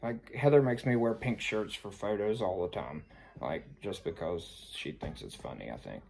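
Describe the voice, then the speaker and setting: A man's voice: fairly low pitch, expressive, moderate pace, gravelly, darkish tone. A man casually telling a personal story, rambling and sheepish, filling his talk with "like" and "I mean.". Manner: self-conscious, sheepish.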